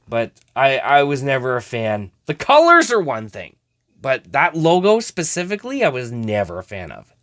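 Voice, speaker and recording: A man's voice: mid-range voice, sing-song, normal speed, fairly bright tone. A man hosting a casual card-opening vlog, chatting to viewers as he sorts through cards. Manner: chatty, talks to viewers while sorting cards. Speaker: host.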